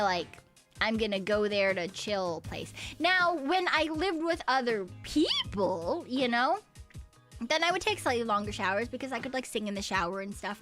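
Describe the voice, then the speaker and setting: Rambly giggly streamer lady, kinda high voice, swears a lot, faint music under it. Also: a bit bright. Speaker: VTuber streamer. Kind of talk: casual stream chat reading viewer messages.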